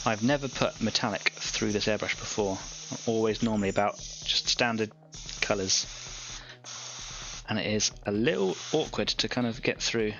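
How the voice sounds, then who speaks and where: A man's voice: lowish voice, moderate pace, a bit bright, highs cut off. A young man from Devon with a West Country accent, chatting casually as co-host of an online painting club while he works, rambling and laughing often. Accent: West Country English. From Devon, England. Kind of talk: casual livestream chat while painting miniatures.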